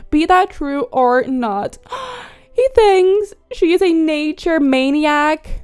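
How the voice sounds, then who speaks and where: A woman's voice: high-pitched, lively intonation, slow, darkish tone. A woman who is sick and congested gives casual let's-play commentary, gasping and squealing over cute things. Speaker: gaming video creator.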